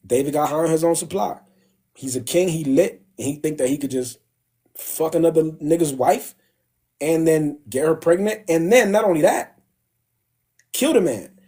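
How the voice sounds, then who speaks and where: A man tells a story in casual slang on a phone livestream from home. His voice sits a little high but sounds dark and husky. He jumps between narration and quoting the characters with a lot of energy. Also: normal speed, long pauses. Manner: animated slangy retelling with acted quotes. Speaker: livestream host.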